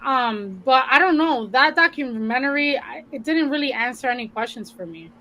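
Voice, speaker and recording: Woman co-host, high bright voice, blunt, swears freely. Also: lively intonation, normal speed, low-quality recording. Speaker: podcast co-host. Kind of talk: casual chat.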